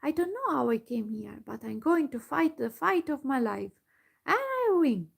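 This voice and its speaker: A woman's voice: high voice, very animated, moderate pace, creaky, full character voice. A woman voicing an angry old male gnome king in whispered role-play, fierce at first, then confused and stammering.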